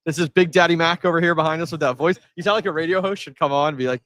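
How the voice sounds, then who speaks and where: A man hosting a live stream from an event floor, chatting casually and answering his chat with energy. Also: a little high. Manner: energetic, reads chat aloud, quick asides.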